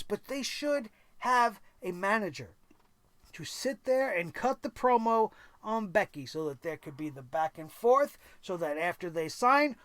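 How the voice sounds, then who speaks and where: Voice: medium pitch, a bit bright, dry recording. A wrestling show host giving an exasperated, sarcastic recap rant, swearing freely and firing off incredulous questions. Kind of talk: ranting wrestling recap commentary.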